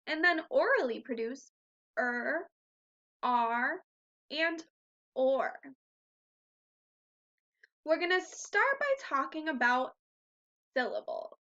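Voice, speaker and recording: A woman with a high, bright voice leads a recorded phonics lesson for first graders. She speaks slowly and patiently, encouraging the children as she goes. The recording sounds a bit dull and lo-fi. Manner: slow, patient, encouraging teacher talk to young children.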